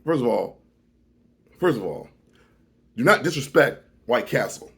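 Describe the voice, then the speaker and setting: Animated gravelly man telling a story. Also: medium pitch, unhurried. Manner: animated, exaggerated swings between loud and muttered. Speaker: vlogger. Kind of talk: comedic storytime vlog.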